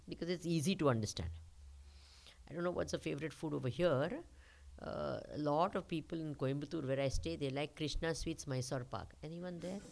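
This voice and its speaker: A spiritual teacher with an Indian accent giving a talk to a live audience, asking rhetorical questions and pausing for the answers. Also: female voice, low voice, vocal fry. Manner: questioning, rhetorical, uses call-and-response.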